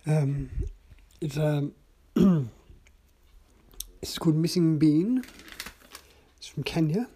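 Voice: medium pitch, slow pace, dark tone, husky. Rambling chatty vlogger. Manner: rambling and chatty, with many ums and self-mocking asides. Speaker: vlogger tasting coffees. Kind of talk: casual daily video diary. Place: at home, indoors.

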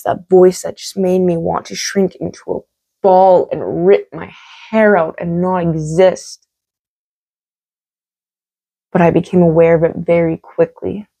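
Woman podcast host with a low, fry-edged mellow voice; frank, emphatic solo talk with freely dropped swear words. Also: poor audio.

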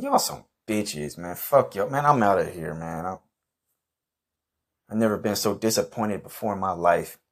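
A man hosting a comedy podcast in character, talking brashly and profanely in slang, arguing with someone who is never heard. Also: low-pitched. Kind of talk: improvised comedic monologue.

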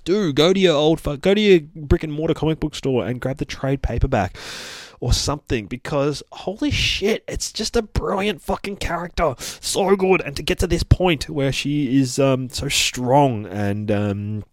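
A man hosting a comic book podcast, gushing and swearing excitedly in a rambling casual review. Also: a little high, normal speed, no room sound, clean studio sound. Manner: rambling, with many fillers.

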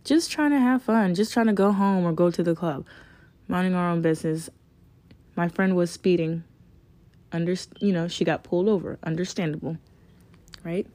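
Young woman, low-set voice, blunt and cursing storyteller, dry close sound. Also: normal speed, pauses often, no echo. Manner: frank and profane, animated retelling. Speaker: storyteller sharing a personal experience. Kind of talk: casual personal storytelling.

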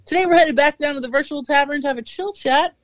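A woman's voice: high voice, no echo, dull audio. Chatty, joking woman podcast host. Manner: chatty and joking, quick asides. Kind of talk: casual chat over drinks.

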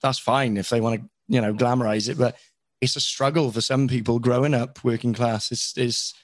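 In a dry recording, a man from Wales speaks at normal speed in a steady, mid-range voice. He's a Welsh voice actor guesting in an interview, chatting candidly and at length, rambling frankly and often being hard on himself.

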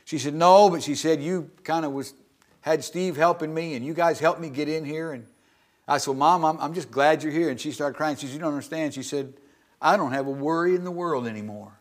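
A man's voice: fairly high pitch, a little fast. A middle-aged man preaching in church, telling a personal testimony in a folksy way and calling for amens. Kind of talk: sermon testimony.

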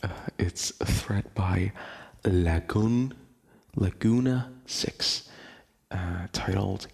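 A man's voice: sits low, very slow, vocal fry, a little mellow, slightly rough. A young man hosting a casual late-night podcast, rambling, laughing often and swearing casually. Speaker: podcast host.

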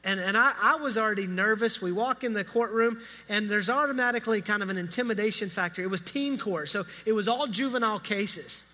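A male pastor with a high voice tells a story from the pulpit in a relaxed, animated sermon. He has a bright, forceful tone, and his words ring with the long reverb of a hall. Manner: conversational, animated storytelling with quick asides.

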